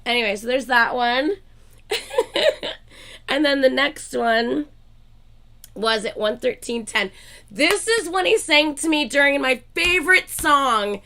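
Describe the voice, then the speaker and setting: A gushing woman hosting her channel, talking high and swooping all over the place in a bright, gravelly voice. She speaks slowly and swears freely, with faint music behind her. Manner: gushing, excitable, swears often. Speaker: reaction channel host. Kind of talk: casual chat to viewers.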